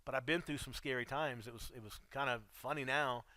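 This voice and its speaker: Forceful, blunt-talking middle-aged man. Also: medium pitch, steady tone, fairly quick, no room sound. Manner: blunt and profane, addresses listener as dude. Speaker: guest telling his life story. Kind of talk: casual storytelling.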